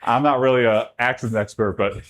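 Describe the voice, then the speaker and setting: A man in casual livestream chat, rambling from one thought to the next. His mid-pitched voice leaps up sharply whenever something excites him. He talks to his viewers while working out. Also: brisk. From Texas. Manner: chatty, rambling, pitch jumps up when excited. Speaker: streamer.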